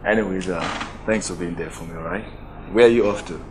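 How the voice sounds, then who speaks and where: An actor with a Nigerian accent playing a relaxed, sweet-talking young boyfriend. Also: male voice, low voice, fast talker, noisy background, natural voice. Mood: charming. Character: smooth young boyfriend, charming. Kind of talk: film drama acting. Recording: echoey film audio with music score.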